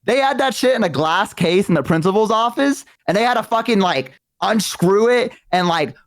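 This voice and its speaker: A man from the American South telling stories in casual chat, animated and profane, acting out the other people in them. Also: high voice, moderate pace, a little hiss or hum. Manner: animated, profane, acts out quoted voices. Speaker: streaming guest.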